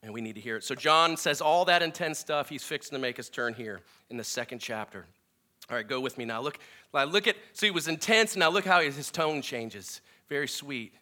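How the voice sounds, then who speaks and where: A man preaching a sermon, earnest and emphatic, often restarting his phrases and swinging between loud and soft. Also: mid-range voice, expressive, a little fast. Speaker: pastor.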